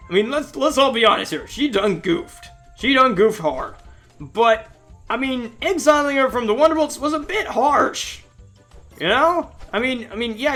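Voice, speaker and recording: A man giving casual, rambling game commentary, ranting and scolding in an animated way. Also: high-pitched. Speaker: let's-play host.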